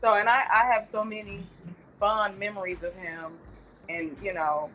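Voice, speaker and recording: A woman's voice: medium pitch, fairly even intonation, normal speed, a bit bright, faint music behind, low-quality recording. Chatty middle-aged woman reminiscing. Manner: chatty storytelling, many asides. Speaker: guest, aunt of the deceased. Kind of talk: casual reminiscing.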